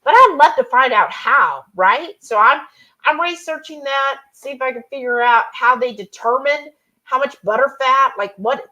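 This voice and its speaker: Woman, live-stream cooking host, chatty and rambling, fairly high voice with lots of lilt. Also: lively intonation, normal speed, bright, forceful tone, low-quality recording. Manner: chatty, rambling, reads chat comments aloud. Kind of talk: casual live-stream chat.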